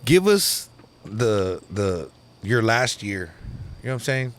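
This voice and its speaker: A young man hosting a podcast, talking in a casual, excitable way, laughing and cursing often. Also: lowish voice, takes it slowly. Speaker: podcast host. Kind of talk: casual chat.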